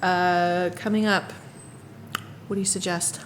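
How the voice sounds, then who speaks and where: A woman's voice: on the low side, level tone, a little slow, a little hiss or hum. A woman hosting a podcast, chatty and laughing often. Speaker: podcast host. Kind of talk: casual podcast chat.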